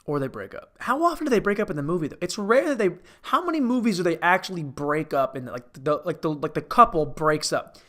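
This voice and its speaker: Man, host of a comedy review show, higher-than-usual voice, rambling, self-correcting, profane. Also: animated, fairly quick, few pauses, pushed and bright.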